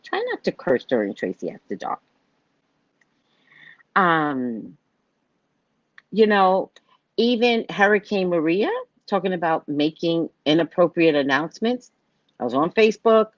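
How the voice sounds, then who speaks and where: A woman's voice: lowish voice, sing-song, a little slow, pauses often, no room sound, lo-fi sound. A woman hosting a psychic livestream in a casual monologue, blunt and given to cursing. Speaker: psychic host of a live show.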